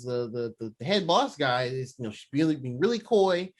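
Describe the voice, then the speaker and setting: Young dude co-hosting a podcast, excitable and slangy, kinda high voice. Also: male voice, fairly quick, few pauses. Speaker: podcast co-host. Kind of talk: casual chat.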